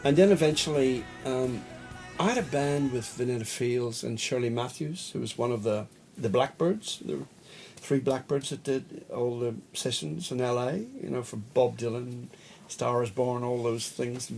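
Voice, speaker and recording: A middle-aged Australian man, a bass player, telling rambling anecdotes in a casual interview, often laughing. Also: moderate pace, gravelly, darkish tone, soft background music. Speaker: guest musician, bass player.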